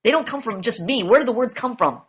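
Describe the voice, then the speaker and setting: Woman instructor, bright and forceful, swears freely, pushes the class with rapid questions. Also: on the high side, animated, husky. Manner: profane, emphatic, rapid rhetorical questioning. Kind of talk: classroom lecture.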